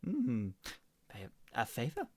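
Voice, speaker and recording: A woman's voice: a bass voice, wildly swooping pitch, slow, warm tone, no room sound, full character voice. A woman voicing a sly female spellcaster who trades magic for favors, speaking in a coy, bargaining drawl.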